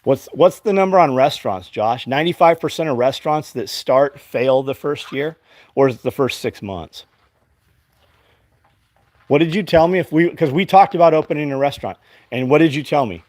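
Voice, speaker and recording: A slightly high, darkish voice with lively intonation and normal speed, recorded with no echo, belongs to a business owner and show host. Chatting casually on his livestream, he rants about work ethic with blunt, heavy swearing and quotes things he once said to people.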